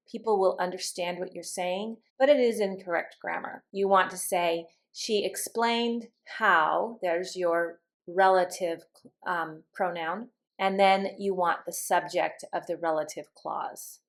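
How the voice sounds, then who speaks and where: Slow, patient woman teaching English. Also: fairly low pitch. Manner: models question intonation, patient and explanatory. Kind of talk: slow, careful vocabulary lesson.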